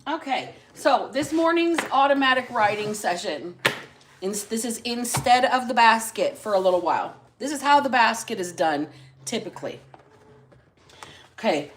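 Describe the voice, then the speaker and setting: A woman with an everyday middle-pitched voice hosts a tarot-reading livestream. She talks in a loose, chatty way into a webcam mic, blunt and quick to swear. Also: slight background noise, poor audio. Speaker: tarot reader and livestream host.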